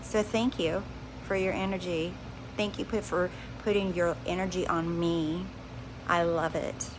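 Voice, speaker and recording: A woman hosting a live stream on spiritual growth, speaking calmly and directly to her viewers, often repeating phrases. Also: lowish voice, measured pace, background noise. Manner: calm, reassuring, repeats herself, addresses viewers directly. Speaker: livestream host.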